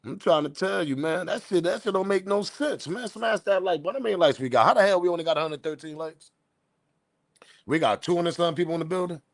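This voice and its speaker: A man's voice: sits high, quick pace, no echo. Heated ranting man hosting a livestream. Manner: loud, heated, profane, addresses chat directly. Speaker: livestream news host. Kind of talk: ranting live commentary.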